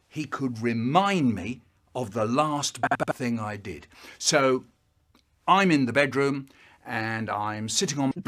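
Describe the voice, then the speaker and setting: A man telling a comic childhood story in an animated, playful way, with stuttered sound effects. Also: medium pitch.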